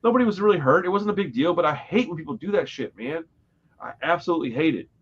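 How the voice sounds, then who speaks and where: A man hosting a podcast in casual chat, telling stories with lively acted-out quotes. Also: fairly high pitch, fast, breathy edge, muffled recording. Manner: animated storytelling, acts out quotes loudly. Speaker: podcast host.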